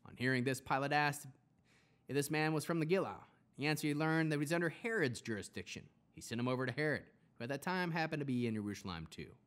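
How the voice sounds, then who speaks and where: A man reading scripture aloud, steady, with occasional self-corrections. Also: a little high, quick pace. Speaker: Bible reader.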